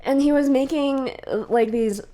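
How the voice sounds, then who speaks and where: A woman's voice: sits high, measured pace, dark tone. A young woman co-hosting a podcast in casual chat, rambling with frequent laughs and acting out quoted exchanges. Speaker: podcast co-host.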